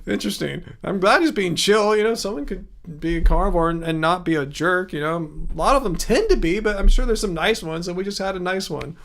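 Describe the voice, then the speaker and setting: High-voiced chatty man hosting a livestream. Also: expressive, fairly quick, vocal fry, a bit bright. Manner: chatty, thinks aloud, many restarts. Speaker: livestream host. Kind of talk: casual livestream chat reading comments. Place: home studio room.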